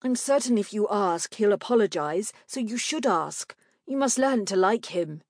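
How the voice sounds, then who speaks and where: A woman's voice: mid-range voice, expressive, moderate pace, a little mellow, dry recording, clean studio sound. A woman reading aloud, voicing an earnest, well-mannered young boy who speaks formally.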